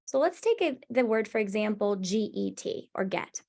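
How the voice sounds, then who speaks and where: A woman's voice: mid-range voice, sing-song, normal speed, vocal fry, darkish tone. A woman presenting a webinar on reading instruction, explaining strategies step by step in a conversational, instructive way. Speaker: former classroom teacher and coach.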